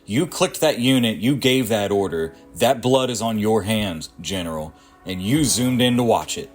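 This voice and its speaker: A man's voice: lowish voice, expressive, moderate pace, soft background music. Sardonic man narrating a gaming essay. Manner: sardonic and crude, with punchy asides. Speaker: gaming video creator. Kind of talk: scripted video essay.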